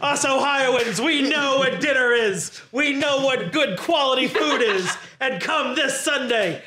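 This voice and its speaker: A man's voice: very high voice, measured pace, pushed and bright, reverberant, voice pushed up, full character voice. A man playing a brash young wrestler with a waiter gimmick, trash-talking with laughter. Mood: cocky.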